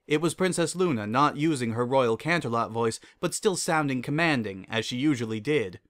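Male narrator for a fan-fiction reading, measured and even. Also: medium pitch.

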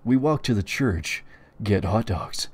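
A man with a lowish voice reading crude, profane stories aloud in a deadpan way. His pitch still moves around a good deal as he tells them. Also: unhurried, husky, no echo. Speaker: storyteller.

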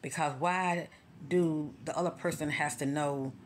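A woman's voice: low voice, steady tone, measured pace, slight background noise. A woman giving a casual spiritual encouragement talk to her followers, speaking directly and conversationally like a preacher, often checking in with "okay?" and "you know.". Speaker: spiritual vlogger.

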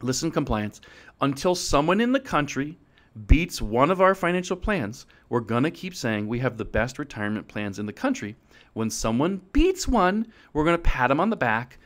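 A middle-aged man hosting a podcast about financial planning, energetic and jokey, swinging from loud outbursts to hushed asides. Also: mid-range voice, normal speed. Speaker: podcast host, financial advisor.

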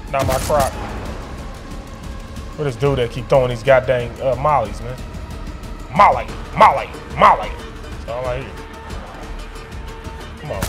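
A man giving excited, slangy commentary while he plays a video game and talks back to it. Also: medium pitch. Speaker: gaming streamer.

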